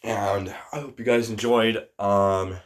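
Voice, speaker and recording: A man telling a story on his vlog in a casual, animated way, swearing freely and often restarting his sentences. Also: lowish voice, takes it slowly.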